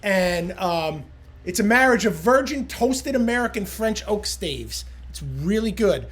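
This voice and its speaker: A man co-hosting a casual podcast, low-key and swearing, with hesitant fillers. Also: expressive, unhurried. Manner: low-key, mumbling, profane. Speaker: podcast co-host.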